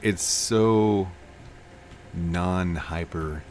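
A man's voice: sits low, drawn-out words, slight background noise. A young man hosting a gaming video in playful, giggly casual chat. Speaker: gaming channel host.

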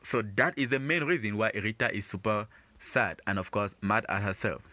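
Bright-voiced man teaching French phrases. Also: on the low side, normal speed, no room sound. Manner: patient, repeats and explains each phrase. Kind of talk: explaining a lesson to learners.

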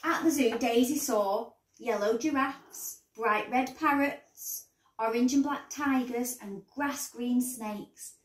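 Woman teacher reading a bedtime story, high lively voice, slow, echoey room. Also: distant mic. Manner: expressive, storybook tone. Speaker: primary school teacher. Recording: roomy echo.

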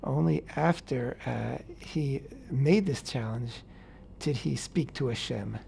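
Gravelly man explaining scripture casually. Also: mid-range voice, slow pace, a little hiss or hum. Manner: animated, acts out quotes in paraphrase, many fillers. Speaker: radio host teaching the weekly Torah portion. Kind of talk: casual Torah discussion on radio.

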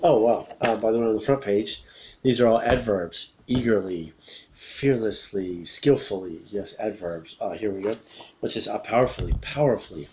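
A man from America, reading a children's book aloud as an English lesson, slowly repeating key words and chuckling often. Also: on the low side, darkish tone, a little hiss or hum, poor audio.

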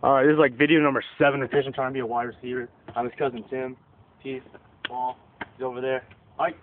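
A young man casually filming and narrating backyard football takes, joking and excited, outdoors by a house. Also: medium pitch, fast. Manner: excitable, joking, announces each take. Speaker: quarterback filming backyard football with his cousin. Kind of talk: casual home video commentary. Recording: tinny lo-fi camera audio with faint hiss.

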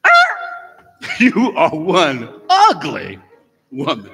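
A man voicing a rude pet-store parrot who squawks slow, drawn-out insults, in a joke told during a sermon. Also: fairly high pitch, huge pitch swings, creaky, a bit bright, voice pushed up, exaggerated voice. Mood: taunting. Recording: long church hall reverb.

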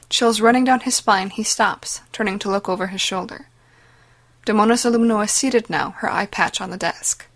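A woman giving dramatic, measured scripted narration of a story. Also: mid-range voice. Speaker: audiobook narrator.

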